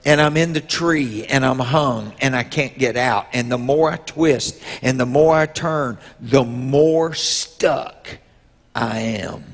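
Bishop, slow unhurried storytelling sermon, husky tone, echoing sanctuary. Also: male voice, medium pitch. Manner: slow storytelling with drawn-out pauses; rises to loud emotional peaks. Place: church sanctuary. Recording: long reverb in a church hall.

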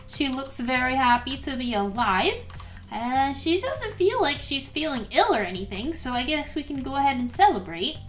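A high, excitable woman commenting on her own gameplay, gushing and gasping all the way through. She talks like a gaming host chatting to her viewers, and faint music plays under her voice. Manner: excitable and gushing, gasps often. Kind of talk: let's play commentary.

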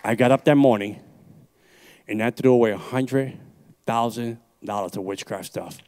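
A man's voice: medium pitch, moderate pace, a little mellow. A man from New York City, an evangelist preaching his personal testimony into a handheld microphone at a church service, intense and emphatic, repeating his phrases.

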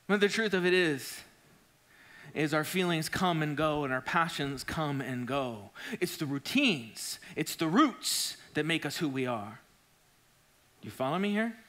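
A man's voice: mid-range voice, a bit bright. A man in his forties preaching a sermon in church, telling a story with animation and often asking whether the listeners follow him. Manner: keeps asking the crowd "right?" and "you follow me?". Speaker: pastor.

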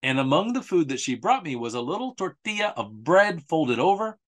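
A man's voice: fairly high pitch, sing-song, fairly quick. Sarcastic conversational man. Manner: sarcastic, conversational, with emphatic repetition. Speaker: author presenting a history series. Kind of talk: casual spoken presentation.

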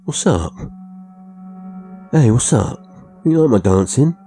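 Man voicing a kind, gravelly care assistant. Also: mid-range voice, sing-song, slow, mellow, soft background music, voice pushed up. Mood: cheerful. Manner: friendly, reassuring.

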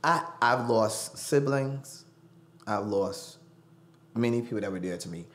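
A man's voice: mid-range voice, measured pace. A man telling a personal story as a studio guest, acting out the voices he quotes. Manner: animated, acts out quoted voices. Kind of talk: storytelling interview.

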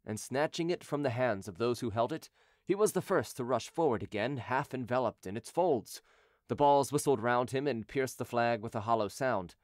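Measured male audiobook narrator, dry sound. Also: mid-range voice, no room sound. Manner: steady, measured reading. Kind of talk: scripted narration.

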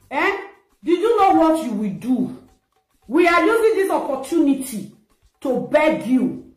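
Nigerian lady ranting and mocking someone, high voice, echoey room with a bit of music. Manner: mocking, scolding, mixes pidgin. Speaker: social media commentator. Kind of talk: ranting commentary.

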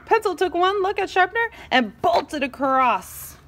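A woman teacher reading a picture book aloud to her class, expressive, with gasps and dramatic pauses. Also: very high-pitched, heavy background noise.

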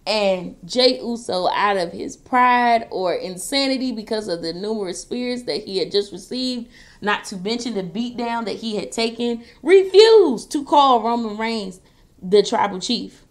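A woman vlogger talks straight to her viewers while doing her makeup. She tells the story in an animated, dramatic way and breaks into the voices of the people involved. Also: a little high, a little slow. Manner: animated storytelling, quoting wrestlers in a raised voice. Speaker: beauty and wrestling vlogger.

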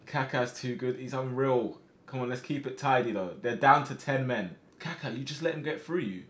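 A young man live-streaming a football manager game, reacting loudly to matches and chatting with his viewers. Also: medium pitch, normal speed, echoey room. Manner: excitable, shouts at players during matches, calmer while managing.

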